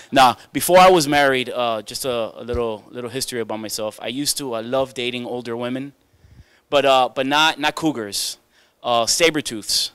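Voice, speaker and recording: A man's voice: medium pitch, moderate pace, fairly bright tone, clear, resonant tone, dry recording. A young man doing a stand-up comedy set on a club stage, chatty and self-mocking, riffing with the crowd. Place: comedy club stage before a live audience.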